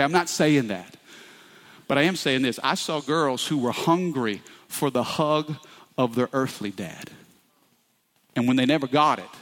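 Impassioned middle-aged pastor in echoey hall. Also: male voice, on the high side. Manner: impassioned preaching with repeated asides to the congregation. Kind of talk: sermon. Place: church sanctuary.

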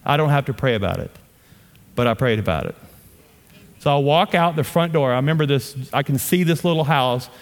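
Speaking briskly with lively intonation and a medium-pitched voice, a middle-aged man from Louisiana preaches as a pastor. He leans on humorous storytelling and playful asides to the audience, and the church auditorium adds a long, large-hall reverb.

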